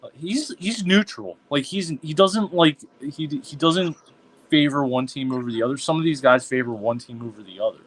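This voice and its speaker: A man co-hosting a podcast in casual chat, giving opinions with frequent restarts and halting phrasing. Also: fairly high pitch. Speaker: podcast co-host.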